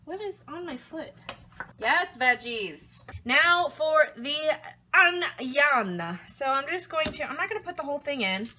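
A woman's voice: high-pitched, animated, unhurried, sharp tone, slight background noise. A woman chatting playfully while cooking in her home kitchen, talking to her food as she goes. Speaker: cooking vlogger. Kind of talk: casual chat while cooking.

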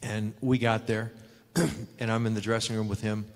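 An older man, a former wrestler, telling lively anecdotes at a live fan Q&A and acting out the dialogue. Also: lowish voice, normal speed, big-room sound. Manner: animated anecdotes, acts out dialogue, laughs often.

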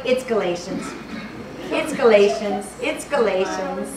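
A woman's voice: on the high side, animated, measured pace. A woman preacher giving a fervent sermon, repeating phrases and fumbling for the right verse. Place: church hall. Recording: echoey hall, distant mic, background noise.

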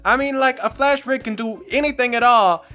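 A woman's voice: fairly high pitch, normal speed, bright, forceful tone, soft background music. A woman giving casual spoken commentary, rambling and sardonic as she spins a story. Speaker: video commentator.

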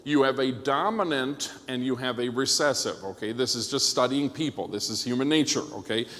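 A man preaching a conference sermon as a pastor, animated and joking, often checking with the crowd by asking "okay?". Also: mid-range voice, normal speed. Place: church hall. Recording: long hall reverb.

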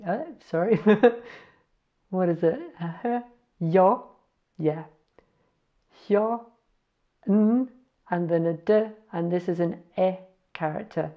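A woman at medium pitch chats her way through some foreign words, spelling out each letter slowly and correcting herself now and then. The highs are cut off in the recording.

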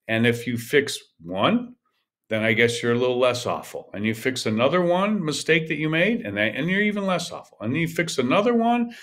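A man's voice: medium pitch, big pitch swings, moderate pace, a bit bright. An older man hosting a podcast, coaching in an emphatic, repetitive monologue that often restarts mid-sentence. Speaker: podcast host, golf coach.

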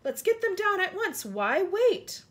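A woman reading aloud the loud exclamations of a crowd of excited city policemen. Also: very high-pitched, a little slow, voice pushed up, exaggerated voice. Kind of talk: children's book read aloud.

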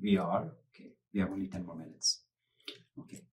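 A man hosting a talk, explaining life lessons in a lively, teacherly way with rhetorical questions. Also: low-pitched, fairly quick. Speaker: host. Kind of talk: casual talk with storytelling. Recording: distant mic.

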